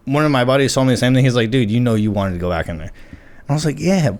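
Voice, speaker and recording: A man co-hosting a relaxed podcast, spinning a long personal story. He swears freely and acts out the people he quotes, and his voice sits at an ordinary middle pitch for a man. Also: fast talker. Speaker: podcast co-host. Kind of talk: casual storytelling chat.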